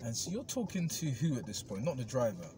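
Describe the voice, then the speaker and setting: A man's voice: medium pitch, big pitch swings, brisk, noisy background. A man in casual chat who keeps chiming in with short encouraging replies.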